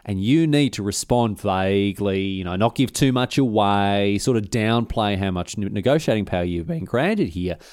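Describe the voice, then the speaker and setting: A man voicing a scheming, smooth-talking ancient Greek politician in a chummy, conspiratorial way. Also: fairly low pitch, moderate pace, few pauses, darkish tone, no echo, clean studio sound, natural voice. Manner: chummy, conspiratorial, mate-to-mate banter.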